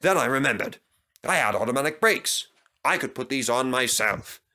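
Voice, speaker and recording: A man playing a humble old mountain engine recounting his past. He speaks unhurriedly with a bright, rising and falling pitch. A storybook voice. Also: animated, moderate pace. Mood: kindly. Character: old male mountain engine, modest and kindly.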